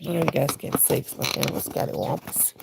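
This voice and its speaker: A woman's voice: sits low, fairly even intonation, fairly quick, gravelly, heavy background noise. A woman hosting a crochet livestream, chatting to viewers in a rambling, folksy way while she crochets. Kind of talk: casual livestream chat.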